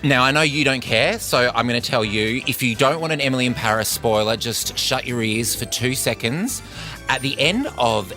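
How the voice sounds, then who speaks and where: A man's voice: medium pitch, bright, forceful tone, faint music behind. A man co-hosting a radio show, chatting casually and joking about celebrity gossip. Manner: gossipy, chatty, quick to joke. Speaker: radio co-host. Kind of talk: casual chat.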